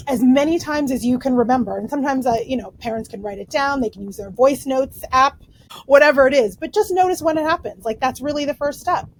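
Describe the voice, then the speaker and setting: A woman's voice: sits high, a little mellow, slight background noise, rough recording. A woman who is a clinical psychologist, explaining in a casual, chatty way with frequent fillers and "right?" tags.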